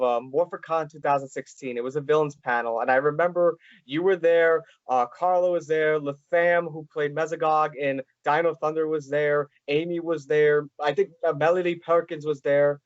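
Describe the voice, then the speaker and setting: A man hosting a podcast interview, talking in halting runs with many fillers. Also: a little high, steady tone, no room sound, highs cut off. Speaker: podcast host. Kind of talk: casual interview chat.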